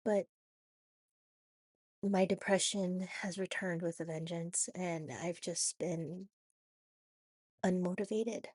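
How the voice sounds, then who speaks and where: A woman with a raspy voice from a cold, talking haltingly in a personal confessional vlog with many restarts and "you know"s. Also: on the low side, steady tone, darkish tone, no room sound, studio quality. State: hoarse from a cold. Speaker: vlogger.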